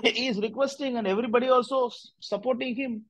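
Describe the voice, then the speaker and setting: A man's voice: very high-pitched, steady tone, fast talker, hardly any pauses, fairly bright tone, no room sound, lo-fi sound. A man, a spiritual teacher leading a discussion group, telling a devotional story in a loose, rambling way with many "you know" fillers.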